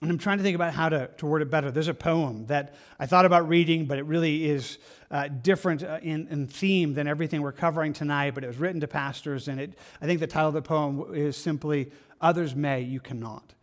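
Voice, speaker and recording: Man, pastor, sermon, earnest, halting, repeats himself, slightly high voice. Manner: earnest, halting, repeats words and restarts often.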